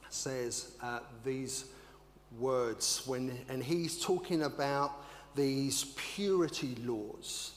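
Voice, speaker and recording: An older man, an English minister, preaching a sermon with animated, rhetorical storytelling. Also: medium pitch. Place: church. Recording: echoey church hall with hum.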